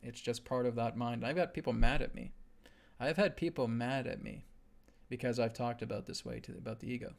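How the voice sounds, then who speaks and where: Brief: male spiritual host, mid-pitched and gravelly, earnest and insistent. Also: steady tone, a little fast. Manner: earnest, repetitive, with emphatic "right?" asides. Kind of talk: spiritual teaching on a live stream.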